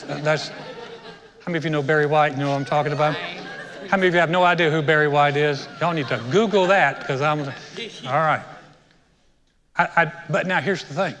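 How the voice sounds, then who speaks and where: A hoarse man preaching a conversational sermon as pastor, joking and talking straight to his congregation in a church. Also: a little high, fairly bright tone. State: hoarse, sounds sick. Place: church sanctuary. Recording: long hall reverb.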